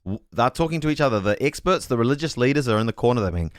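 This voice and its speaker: A man's voice: medium pitch, expressive, racing, hardly any pauses, no echo, studio quality. A man streaming a casual Bible talk, thinking aloud and correcting himself as he goes, and reading chat messages aloud with puzzled asides.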